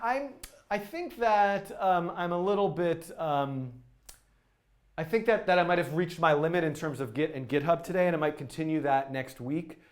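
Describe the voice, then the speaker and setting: A man hosting a live-stream coding tutorial, talking in an excitable, rambling way full of fillers and restarts. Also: on the high side, moderate pace. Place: indoor studio.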